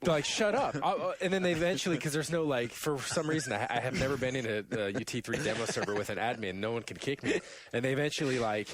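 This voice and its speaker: A man in casual podcast chat who tells his gaming stories with plenty of laughter. He bursts into loud imitations of game taunts and then drops back to easy talk. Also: mid-range voice, fast, few pauses. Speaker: podcast host.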